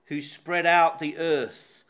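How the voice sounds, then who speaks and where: A man preaching at a slow, deliberate pace, his voice bright and ringing. He is emphatic and measured, stopping often on small hesitations as he works through a text. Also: a little high, fairly even intonation. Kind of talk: sermon.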